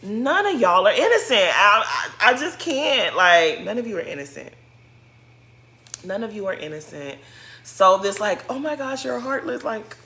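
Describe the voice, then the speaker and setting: Sassy, exasperated young woman with a bright voice. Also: medium pitch. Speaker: reality TV recap commentator. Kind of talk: casual commentary.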